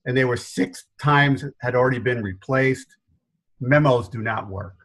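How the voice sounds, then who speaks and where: Animated man with a faint New York accent. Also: medium pitch, a little slow, low-quality recording. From New York area. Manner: animated, self-deprecating, laughs often. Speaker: guest consultant. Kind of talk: storytelling interview answers.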